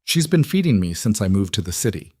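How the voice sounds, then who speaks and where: A man playing a calm mafia boss who talks with easy confidence and dry amusement. His voice is low and the recording is close and dry, read as part of a romance audiobook. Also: fairly quick, husky, no room sound. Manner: calm, assured, dryly amused. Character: calm charming mafia boss, patient and assured. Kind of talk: audiobook character voice.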